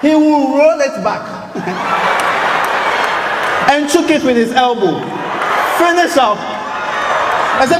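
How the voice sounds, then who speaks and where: A man doing stand-up comedy with a Ghanaian accent, animated and shouting his punchlines while acting out characters. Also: very high-pitched, slow pace, pauses often, heavy background noise. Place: live stage before an audience. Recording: echoey hall, loud crowd.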